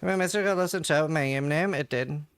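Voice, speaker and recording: While gaming, a man with a slightly high, fast, clean-toned voice keeps up a casual chat with his live audience. He reads viewer messages aloud and answers with jokes.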